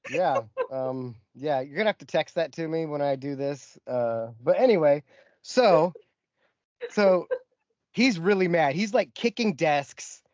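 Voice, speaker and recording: A man co-hosting a podcast, telling a story with lively acted-out quotes in casual chat. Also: on the high side, measured pace, dry recording, lo-fi sound. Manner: animated storyteller, acts out quotes. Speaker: podcast co-host.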